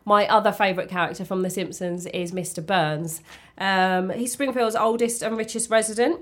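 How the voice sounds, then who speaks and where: A woman's voice: mid-range voice, fairly even intonation, normal speed. A woman in a casual podcast chat, talking bluntly with many ums and restarts. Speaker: podcast co-host.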